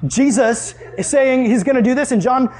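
Man, high-pitched, animated, quizzes his class, Bible lesson. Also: normal speed. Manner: animated, asks the class questions. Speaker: Bible teacher.

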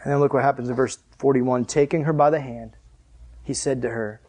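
A man preaching a conversational sermon, animated and speaking straight to his listeners. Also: mid-range voice, brisk. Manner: animated storyteller, addresses listeners directly.

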